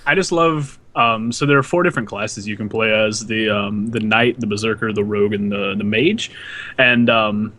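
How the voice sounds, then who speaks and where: A man's voice: fairly low pitch, normal speed, bright, forceful tone. A man co-hosting a casual gaming podcast with a dry, wry sense of humor. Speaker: podcast co-host. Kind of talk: casual chat.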